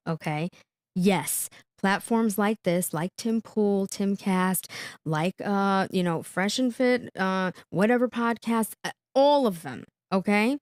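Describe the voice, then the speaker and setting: A woman hosting a live reaction stream, chatty and quick to laugh, who keeps checking in with "okay?" as she comments. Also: medium pitch, animated, no echo, clean studio sound.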